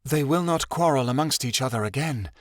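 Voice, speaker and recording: A man voicing a composed female unicorn in an audiobook, speaking in a measured way. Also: medium pitch, no echo, studio quality, natural voice. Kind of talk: audiobook character voice.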